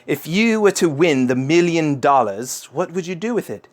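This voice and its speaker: Dude doing cheery tv talent judges, quizzing a kid, storytime voice. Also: male voice, on the high side, expressive, normal speed, voice pushed up, natural voice. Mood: upbeat. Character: friendly adult talent show judges.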